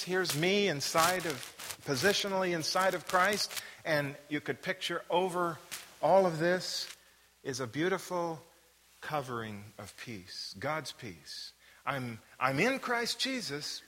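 A man's voice: on the high side, sharp tone, long reverb tail. A man leading a Bible study, reading verses aloud, asking the listeners questions and repeating phrases for emphasis. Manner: reads scripture aloud then asks the listeners questions.

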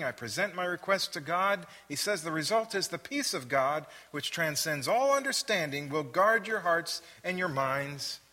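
A man's voice: on the high side, bright, forceful tone, in a large hall. A man leading a Bible study, reading verses aloud, asking the listeners questions and repeating phrases for emphasis. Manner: reads scripture aloud then asks the listeners questions.

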